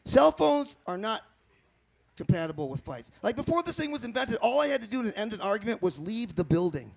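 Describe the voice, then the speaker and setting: Male stand-up comic, from Michigan, high voice, gravelly edge, animated delivery, keeps talking to the crowd. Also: slight background noise. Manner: chatty, keeps addressing the crowd, laughs at own jokes; animated, jumps between bits with quick asides. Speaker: stand-up comedian. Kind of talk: stand-up comedy.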